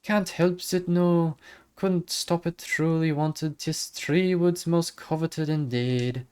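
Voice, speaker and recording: A man's voice: a little high, fairly even intonation, slow pace, a little mellow, a little hiss or hum, voice pushed up. A man voicing a bouncy, ancient female fairy in a put-on Irish accent, with dreamy, garbled, old-fashioned phrasing. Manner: lilting, garbled archaic phrasing.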